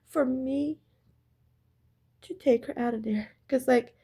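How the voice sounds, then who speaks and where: A woman's voice: sits high, takes it slowly, dark tone, slightly rough. A woman talking straight to her viewers in a casual story-time monologue, intense and emphatic, repeating herself and swearing. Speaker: spiritual storyteller.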